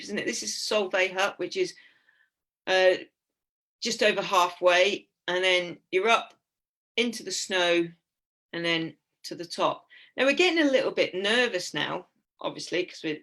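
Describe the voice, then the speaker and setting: A woman's voice: on the low side, fairly bright tone. An English woman in her fifties gives a chatty, giggly, anecdotal talk with slides as a guest speaker. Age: 50s.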